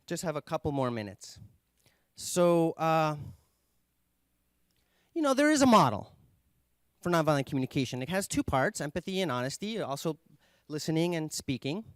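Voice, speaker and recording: A man giving an earnest conference talk, explaining ideas and telling a story with pauses and fillers. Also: fairly high pitch, very animated, clear, resonant tone, no room sound. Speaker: conference speaker.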